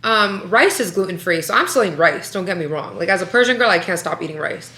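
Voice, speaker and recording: A woman's voice: fairly low pitch, expressive, fast, sharp tone. Chatty young woman vlogging at home. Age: 20s. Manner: chatty, lots of "like", talks to viewers as "guys". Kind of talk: casual vlog chat.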